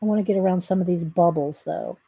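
Chatty and thinking aloud, a woman livestreams herself drawing in her home art room and talks to viewers. She speaks fast in a lowish, gravelly, mellow voice that's slightly rough. The audio is poor but has no echo.

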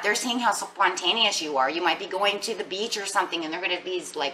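A bright, sharp-toned woman gives a casual tarot reading, chatty and sassy. Her voice sits a little low for a woman. She sounds slightly away from the mic, with faint hiss behind her. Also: fast, few pauses, recorded from a distance. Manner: playful, sassy, chatty with laughs. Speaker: tarot reader.

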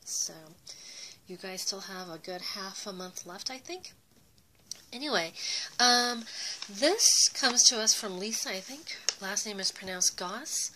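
A young woman with a bright, crisp voice talks casually to her viewers while opening handmade crafts at home. She chats with lots of little fillers and gushes over the details. A faint clicking noise sits behind her. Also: medium pitch, expressive, a little slow, rough recording. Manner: chatty, many fillers, gushing over crafts. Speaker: craft YouTuber. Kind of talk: casual unboxing chat.

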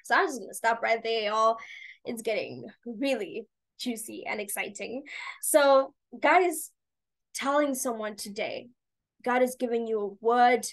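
A woman's voice: on the high side, a little slow, poor audio. A woman giving an earnest devotional talk, reading scripture and exhorting her listeners with casual fillers. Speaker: preacher.

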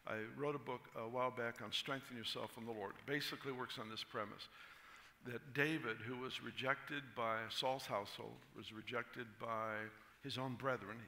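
A male pastor speaking at a conference, telling jokes in a relaxed, chuckling way before preaching. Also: mid-range voice, moderate pace. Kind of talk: sermon with told jokes. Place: large conference hall. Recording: echoey hall, faint noise.

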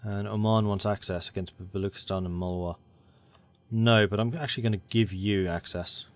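A man's voice: fairly low pitch, steady tone, moderate pace. A man commentating a strategy game, thinking aloud and talking to the game's factions as he plays. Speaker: gaming channel host.

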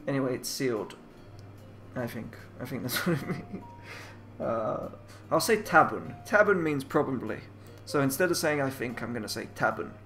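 With faint music behind him, a male let's player talks in English while tackling a game's Japanese text one line at a time, frequently trailing off to doubt himself. His voice is mid-range, a bit bright and lively in intonation, at a normal speed.

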